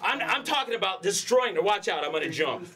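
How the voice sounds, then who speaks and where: Man, hard-sell store owner, ranting pitch that jumps between shouts and mutters, slightly higher voice. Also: big pitch swings, brisk.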